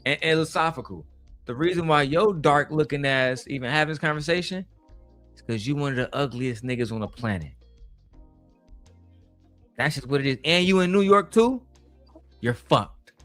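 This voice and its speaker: A man's voice: fairly high pitch, lively intonation, fairly quick, pauses often, fairly bright tone, faint music behind. A man hosting a live stream show, talking bluntly and with plenty of profanity. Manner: blunt, profane trash talk. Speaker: show host. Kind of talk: casual live-stream commentary.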